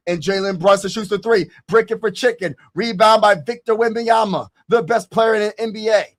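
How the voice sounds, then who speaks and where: A man streaming live play-by-play commentary on a basketball game, talking casually with slang, hyping his viewers and bursting into shouts at big plays. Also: high voice, steady tone, a little fast, hardly any pauses.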